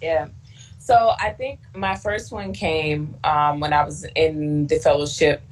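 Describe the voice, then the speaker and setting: A woman's voice: low-pitched, slow, a little hiss or hum, rough recording. A young woman with a Southern American accent, a guest in a casual interview, telling a story and acting out the voices of the people in it. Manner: animated, acts out quoted voices. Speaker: guest scientist.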